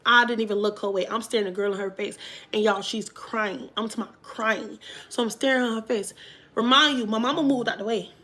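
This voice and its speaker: A woman vlogger telling a storytime to her viewers in a casual, animated way, with emphatic loud bursts. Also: on the high side, fairly quick.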